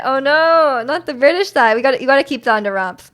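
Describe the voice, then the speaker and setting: Fast and expressive, a Canadian streamer's high-pitched, slightly bright voice bubbles through casual chat as she reads viewer comments. She giggles a lot and frequently restarts sentences.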